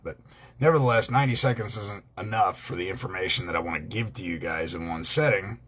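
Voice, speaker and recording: A man's voice: low voice, a little fast, fairly bright tone, breathy edge. A man talking casually to his viewers, rambling with many ums and uhs, blunt and with the odd swear word. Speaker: online law educator.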